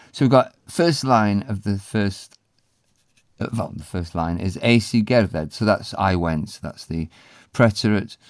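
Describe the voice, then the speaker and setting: Low-voiced man teaching language casually. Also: no echo, clean studio sound. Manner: relaxed and explanatory, with frequent ums and restarts. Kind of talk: casual spoken lesson.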